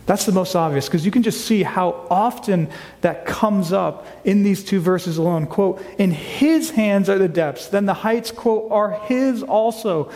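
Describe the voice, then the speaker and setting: A man's voice: sits high, unhurried, darkish tone. A man preaching a sermon as pastor, earnest, often restarting and repeating his words. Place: church hall. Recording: long hall reverb.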